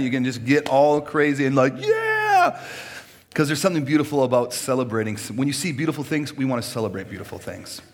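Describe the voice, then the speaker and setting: A man pastor on a church stage inviting people to be baptized, chatty and joking, laughing often and restarting his sentences. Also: mid-range voice. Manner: laughs often between phrases. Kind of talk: casual sermon invitation.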